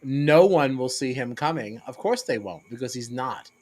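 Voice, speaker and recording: A man's voice: mid-range voice, expressive, normal speed, very noisy. A man co-hosting a casual reality-TV podcast, dry and jokey as he reads out captions. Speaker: podcast co-host. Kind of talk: casual chat.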